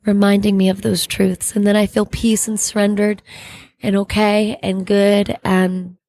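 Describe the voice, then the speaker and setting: A middle-aged woman, an actress being interviewed, giving an earnest, halting faith testimony and searching for her words. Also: mid-range voice, flat delivery, a little mellow, dry recording.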